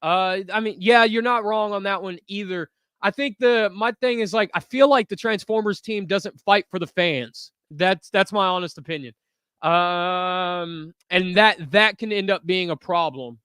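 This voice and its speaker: A man hosting a toy channel livestream, reading viewer comments aloud and giving candid, relaxed opinions with lots of fillers. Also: high voice, unhurried, smooth, no room sound, studio quality. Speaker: toy review channel host.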